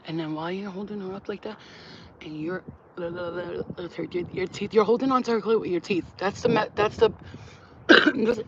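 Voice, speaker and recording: Frank, animated woman vlogger. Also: mid-range voice, normal speed, dull audio, very noisy. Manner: frank, animated, laughing often, acting things out with sounds. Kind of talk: casual to-camera chat. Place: at home while cooking.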